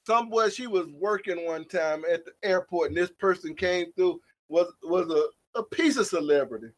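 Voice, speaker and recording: Man preaching, very high-pitched, loud emphatic delivery with sudden quiet drops. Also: moderate pace. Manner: shouting emphatic lines, swinging between loud and hushed; calls out to listeners by name. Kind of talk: sermon.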